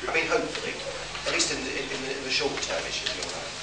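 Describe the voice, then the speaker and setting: A man speaking as a writer and guest on a convention panel, chatty and laughing often, with halting restarts. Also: mid-range voice, very animated. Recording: echoey room, far mic, background noise.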